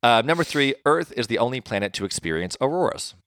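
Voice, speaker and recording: A man's voice: medium pitch, big pitch swings, fast talker, fairly bright tone, no room sound, clean studio sound. A man hosting a podcast quiz, explaining trivia answers in a chatty way with lots of fillers. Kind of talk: casual chat.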